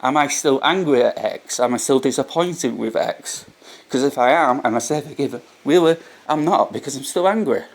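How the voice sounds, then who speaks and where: A man's voice: mid-range voice, moderate pace. A man talking earnestly in a casual, unscripted reflection on faith, often repeating his points and restarting his sentences. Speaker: vlogger sharing faith reflections. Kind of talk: casual spoken reflection to camera.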